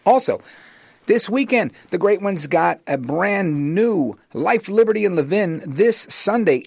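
A man hosting a talk radio show as a fill-in, energetic and promotional in a conversational way. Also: a little high, creaky, no echo.

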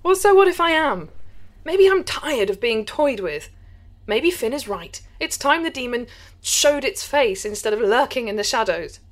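A woman's voice: a little high, sing-song, normal speed. A woman playing Gloria, a posh young woman who drinks and swears freely, in an audio drama. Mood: defiant.

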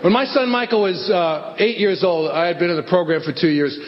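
A man's voice: high-pitched, a little fast, crowd noise. Middle-aged male stand-up, self-deprecating storyteller, dull lo-fi hall recording with faint hiss. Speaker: stand-up comedian. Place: theater stage before an audience.

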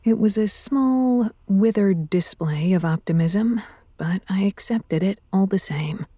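A woman's voice: medium pitch, a little slow, dark tone, no echo. A woman reading a first-person story aloud with a wry, dry touch. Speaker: audiobook narrator. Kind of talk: scripted first-person narration.

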